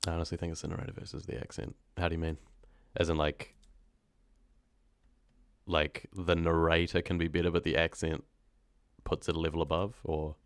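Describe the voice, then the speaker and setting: A young New Zealand man talks loosely to his stream audience, wandering from thought to thought and letting sentences trail off. His voice sits very low. The sound is dry and close, with no room around it. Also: completely flat delivery, a little fast, smooth, no room sound. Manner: rambling, chatty, often trailing off. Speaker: horror story narrator chatting on a livestream. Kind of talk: casual livestream chat.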